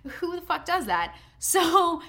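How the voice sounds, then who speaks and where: Young woman, high and bright, animated storyteller, swears casually, self-deprecating co-host. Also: slow pace. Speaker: podcast co-host, stage performer.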